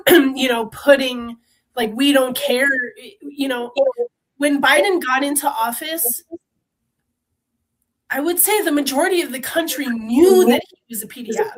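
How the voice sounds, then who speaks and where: A woman with a bright, high voice, speaking with the full force of a trained singer. She talks fervently and bluntly, swearing freely as she makes her case in casual conversation. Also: rough recording. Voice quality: trained, strong voice. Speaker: podcast guest. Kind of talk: impassioned conversational rant.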